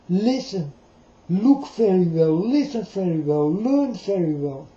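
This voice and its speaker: Slow, preachy man in a roomy space. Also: high-pitched, expressive, warm tone. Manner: preachy, repetitive, addresses listeners directly. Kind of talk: rambling preachy monologue. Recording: roomy, dull lo-fi recording.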